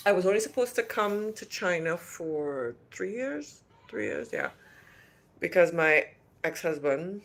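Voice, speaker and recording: A woman's voice: deep voice, creaky. A woman from Trinidad and Tobago with a faint Trinidadian accent, hosting a casual livestream from a hotel room and answering viewer questions in a chatty, rambling way. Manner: chatty and rambling, with many restarts. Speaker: livestream host.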